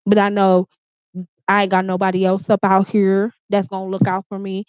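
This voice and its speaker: A vlogger tells a personal story straight to camera from her bedroom, in a medium-pitched, smooth, slightly mellow voice at normal speed with a completely flat delivery. She's candid and blunt, swears freely, says "like" a lot and keeps restarting sentences. The audio is dry with no room echo, a bit dull and lo-fi.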